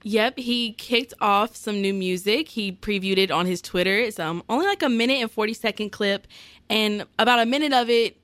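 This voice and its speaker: Smooth-voiced young woman co-host. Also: mid-range voice, moderate pace, no echo. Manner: relaxed, agreeing, recapping news with fillers. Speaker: podcast co-host. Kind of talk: casual chat.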